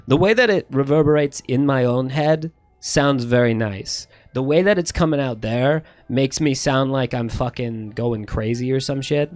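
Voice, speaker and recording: A man's voice: medium pitch, a little mellow, no echo. A congested man streaming a video game, rambling in a self-mocking way and swearing a lot. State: congested, stuffy nose. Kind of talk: casual livestream commentary. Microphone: earphones with a streaming mic.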